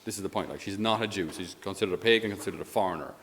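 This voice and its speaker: An Irish priest with a fairly low voice gives a relaxed, chatty homily. He tells his stories with energy and slips in frequent chuckles, with a faint hum of room noise behind him. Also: very fast. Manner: animated storyteller, chuckles while talking. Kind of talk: conversational homily.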